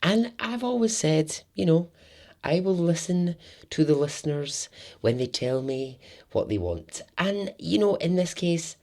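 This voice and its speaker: A man's voice: fairly high pitch, big pitch swings, unhurried, darkish tone. A man hosting a storytelling podcast, chatty and jokey with sarcastic asides.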